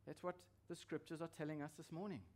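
A man's voice: a little high, level tone, fast, a little mellow. A man preaching a sermon as pastor, emphatic and repeating his key phrases for weight.

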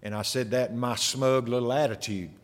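A pastor preaching a sermon, earnest and full of rhetorical questions. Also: male voice, mid-range voice, fairly even intonation, fairly quick. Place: church sanctuary. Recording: long hall reverb.

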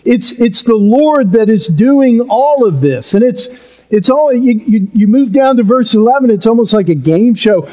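A man's voice: extremely high pitch, expressive, normal speed, dark tone. A male pastor preaching a sermon in an earnest, emphatic way, with playful asides.

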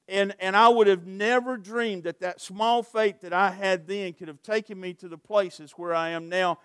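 A man's voice: sits high, clear, resonant tone, no room sound, clean studio sound. A middle-aged man preaching a sermon as pastor, reading scripture and building to earnest urgency. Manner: preaching with rising intensity, scripture readings, light jokes.

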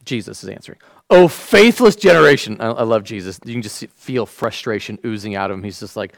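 Animated pastor, gravelly and lively. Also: male voice, fairly low pitch, quick pace, dry recording, low-quality recording. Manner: animated preaching, acting out quotes, drops to a hush for emphasis. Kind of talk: sermon.

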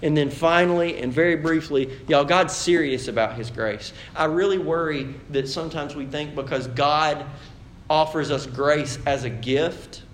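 A man preaches a sermon in an easy, conversational way and rises to loud, animated emphasis. His voice sits a little high and rings through an echoey church hall. A faint hum of room noise sits behind him. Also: normal speed. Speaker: pastor.

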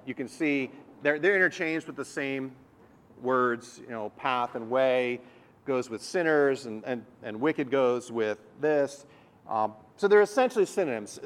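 A man preaching a sermon, earnest and explanatory, often repeating words and slowing down to stress key words. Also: medium pitch, fairly bright tone. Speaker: pastor.

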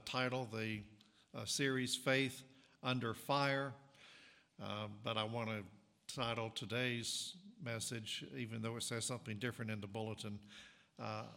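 A man preaching a sermon as pastor, talking in a conversational, halting way with frequent restarts and fillers. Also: medium pitch, bright, forceful tone, in a large hall. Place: church sanctuary.

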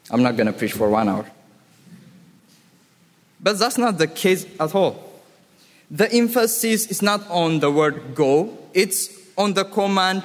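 Male preacher, unhurried sermon delivery, slightly high voice, long hall reverb. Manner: slow, emphatic, repeats key words.

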